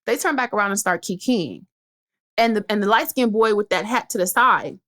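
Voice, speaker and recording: A woman's voice: mid-range voice, moderate pace, a bit bright. A young woman co-hosting a podcast, telling a brash story in casual chat and acting out what people said. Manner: brash, storytelling, acts out quotes. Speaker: podcast co-host.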